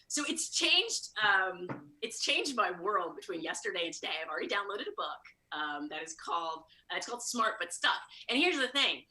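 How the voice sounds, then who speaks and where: A woman comedian from Chicago telling a story at a fast, high-energy clip, acting out the quoted lines. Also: very animated, sharp tone, rough recording. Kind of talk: live storytelling monologue.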